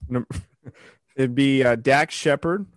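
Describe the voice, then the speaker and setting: A man's voice: mid-range voice, takes it slowly, no echo, clean studio sound. A man chatting casually on a podcast, telling rambling stories with lots of fillers. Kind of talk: casual chat.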